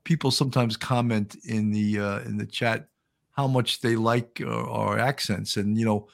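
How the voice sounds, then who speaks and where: An older man with a Long Island New York accent, a retired police officer hosting a show, telling stories in animated casual chat and laughing often. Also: fairly low pitch, normal speed, creaky.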